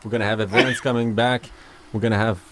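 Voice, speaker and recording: A man's voice: on the low side, flat delivery, quick pace, heavy background noise. A laid-back man chatting casually as a podcast guest, with slangy talk. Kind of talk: casual chat.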